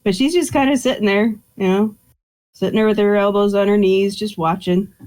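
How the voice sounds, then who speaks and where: A woman's voice: medium pitch, normal speed, darkish tone, low-quality recording. A woman describing her character as a player in a tabletop game, meandering and self-correcting, over an online voice call.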